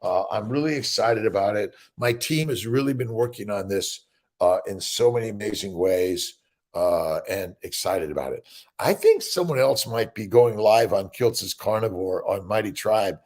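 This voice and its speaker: A man's voice: on the low side, expressive, moderate pace, darkish tone. An older man hosting a casual morning livestream, rambling and upbeat as he greets viewers by name, with many fillers and "right?"s. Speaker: livestream host.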